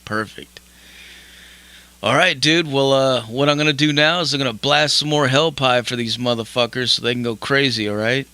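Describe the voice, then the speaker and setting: A bright-toned man hosting a metal radio show. He talks in a loose, casual way, swears freely and laughs easily. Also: medium pitch, normal speed, clear, resonant tone, no echo. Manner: laid-back, swears freely, laughs often. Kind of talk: casual radio interview chat.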